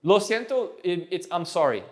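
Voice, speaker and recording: Guy tutoring a student, kinda high voice, patient, says stuff over n over slowly. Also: very animated. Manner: patient, repeats phrases slowly for drilling. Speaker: language teacher. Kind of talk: casual tutoring session.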